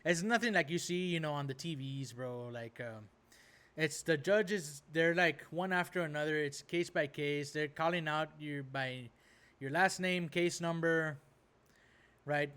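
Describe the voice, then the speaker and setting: A man's voice: fairly high pitch, a little slow, fairly bright tone, clean tone. Rambling man ranting with "right?". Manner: rambling, peppered with "right?" and "bro". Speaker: reaction video host. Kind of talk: casual ranting commentary.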